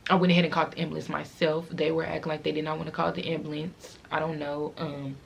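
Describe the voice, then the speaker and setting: A woman's voice: sits low, little pitch movement, fast talker, gravelly, a little hiss or hum. A teenage girl vlogger telling a casual, rambling storytime, fighting back tears as she talks.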